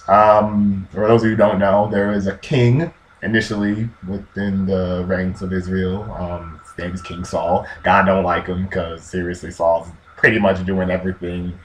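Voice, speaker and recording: A man's voice: sits low, a bit bright, slight background noise, poor audio. A man talking casually to the camera, retelling a story in a jokey, rambling, slangy way. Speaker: video host. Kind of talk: casual comedic Bible retelling.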